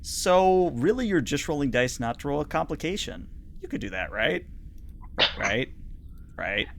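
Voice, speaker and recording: A man's voice: fairly high pitch, big pitch swings, unhurried, vocal fry, a little hiss or hum. Brief: chatty game master, man, explaining rules with plenty of ums. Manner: chatty, lots of fillers. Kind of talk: narrating a tabletop game.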